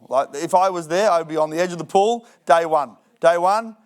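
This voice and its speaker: A man's voice: on the high side, moderate pace. A man preaching a sermon in a church, joking and acting out people's excuses. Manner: lively, jokey preaching with acted-out excuses. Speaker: pastor. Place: church hall.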